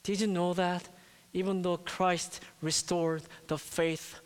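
A male pastor preaches at a slow, measured pace, and his voice sits somewhat high for a man. He draws out his words, then swells into pleading cries. The sound rings with the long reverb of a church hall. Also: flat delivery, clean tone. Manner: slow and deliberate, rising to impassioned pleading cries. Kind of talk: sermon.

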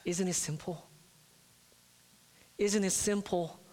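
Slow, impassioned male preacher in a hall. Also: on the high side. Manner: slow and deliberate, rising to impassioned pleading cries. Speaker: pastor. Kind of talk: sermon. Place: church. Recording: long reverb of a church hall.

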